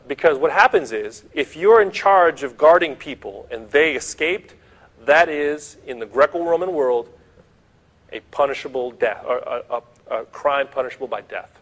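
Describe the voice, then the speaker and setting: A man's voice: fairly high pitch, animated, moderate pace, a bit bright. A man preaching a sermon, retelling a story vividly and speaking straight to his listeners.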